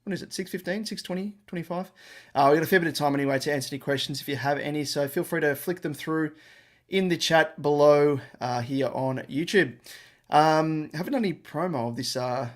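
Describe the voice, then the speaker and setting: A man's voice: on the high side, fairly quick. A young man hosting a fantasy football live stream, talking in a casual, chatty way while working his computer.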